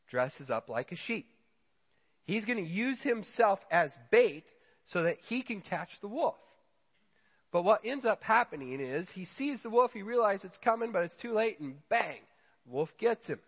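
A man preaching a sermon, telling stories and acting out quotes with lively emphasis. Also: sits high. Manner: storytelling, animated quoting. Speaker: pastor. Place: church hall. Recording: dull sound in a reverberant church hall.

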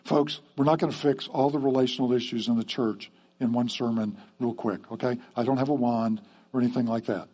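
A man's voice: medium pitch, fairly even intonation, fairly quick, warm tone. A man preaching a sermon to his church in a conversational way, often checking in with the congregation with "okay?". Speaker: pastor.

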